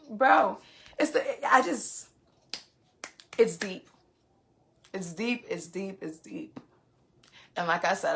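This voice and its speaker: A woman's voice: sits high, creaky, sharp tone. A woman vlogger venting to her viewers in heated casual talk, cursing freely and repeating phrases for emphasis.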